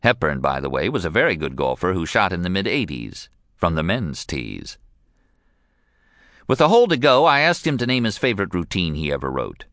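A man's voice: low voice, huge pitch swings, a little fast, fairly bright tone, no room sound, clean studio sound. A man narrating a first-person memoir in a wry, joking storytelling manner. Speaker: audiobook narrator.

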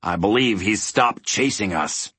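A man's voice: fairly low pitch, measured pace, a bit bright, breathy edge, dry recording, voice pushed down. A man voicing a gloomy, moaning humbug bug.

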